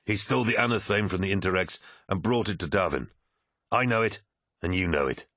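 A man voicing a stern warrior captain who speaks quietly and tersely, holding back his anger, in a dry, husky voice. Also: low-pitched, a little fast, no echo, full character voice. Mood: accusing.

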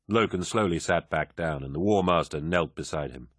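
A man narrating an audiobook in a measured, grave manner. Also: deep voice, no echo, clean studio sound. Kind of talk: scripted narration.

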